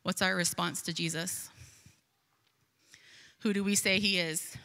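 A woman's voice: fairly low pitch, steady tone, unhurried, pushed and bright. A woman preaching a sermon, earnest and emphatic, reading scripture aloud and explaining it. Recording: long hall reverb.

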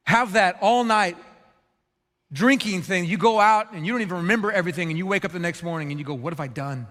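Earnest pastor giving a sermon, a man with a high voice, in a reverberant hall. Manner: earnest, animated storytelling, acts out quotes.

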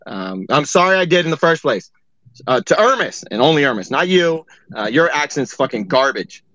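A man's voice: a little high, sing-song, moderate pace, sharp tone, no echo. A man hosting a heated live audio chat, profane and mocking, with a lot of "uh" fillers. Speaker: space host. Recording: dry, dull lo-fi audio.

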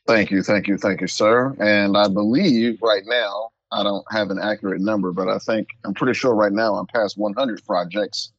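A man in his forties from Maryland, a designer who is a guest on an interview, speaking in a relaxed and affirming way. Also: lowish voice, moderate pace, hardly any pauses, slightly rough, no echo, muffled recording. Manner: relaxed, affirming, laughs easily. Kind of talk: interview answers.

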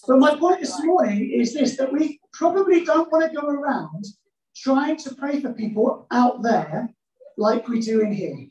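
A woman delivers a sermon in a church, playful and theatrical as she acts out little scenes in different voices. Her voice is mellow and a touch high, and the sound is roomy, caught from some distance off the mic. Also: animated, unhurried. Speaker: preacher.

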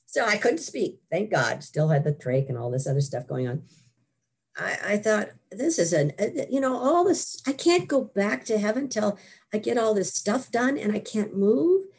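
Older woman guest, gravelly and husky, animated storyteller who laughs easily. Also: mid-range voice, normal speed. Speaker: guest author. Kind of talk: interview storytelling.

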